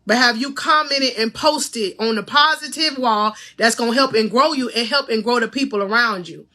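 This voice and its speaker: Female life coach, livestream host: fervent and preachy, talks right to her viewers, laughs between lines. Higher-pitched, forceful voice. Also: moderate pace. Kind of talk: faith-based motivational livestream.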